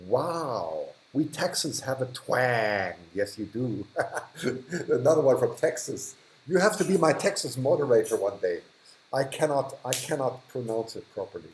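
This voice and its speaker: A man's voice: mid-range voice, very animated, moderate pace, darkish tone, slight background noise, rough recording. A man hosting a live stream from a hot, humid indoor room, chatting casually as he reads and thanks viewers, often restarting sentences and chuckling. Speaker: livestream host.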